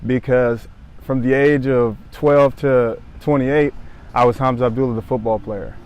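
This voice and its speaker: A man in his thirties from Southern California who speaks earnestly and haltingly, often repeating phrases as he tells a personal story to the camera. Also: medium pitch, fairly even intonation, smooth, highs cut off. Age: 30s. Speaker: former pro football player sharing his story.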